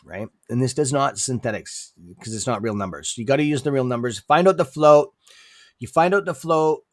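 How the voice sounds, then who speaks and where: Medium in pitch and captured with clean, echo-free studio sound, this man hosts a loose, chatty livestream about stocks. He has a non-native English accent, tags his lines with "okay?", and makes sudden outbursts.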